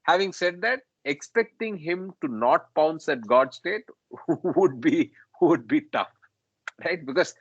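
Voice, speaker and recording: A man, reasoning calmly in a group discussion and ending points with "right?". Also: a little high, slow pace, husky, no room sound, dull audio. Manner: conciliatory, ends points with "right?". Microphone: video call.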